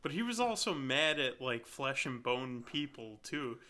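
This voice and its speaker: A man hosting a casual podcast, relaxed and a little hesitant as he tells the story. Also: medium pitch, measured pace. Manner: relaxed storytelling, hedging with "you know" and "uh". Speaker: podcast host presenting haunted places.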